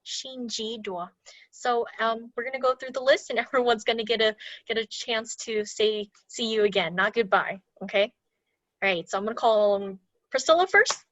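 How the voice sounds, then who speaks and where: A woman's voice: on the high side, a little fast, a bit bright, no echo. Young woman, workshop presenter, chatty and upbeat, dry dull video call sound. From California. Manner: chatty, laughs often, upbeat. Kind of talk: casual online workshop teaching.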